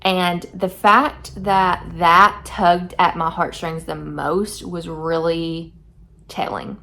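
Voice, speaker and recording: A young woman talks through a book in a casual vlog, chatty and effusive. Her voice sits a little low and has a gravelly fry. She reads short passages aloud between her thoughts. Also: flat delivery, slow pace, bright, forceful tone. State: teary-eyed. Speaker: book vlogger.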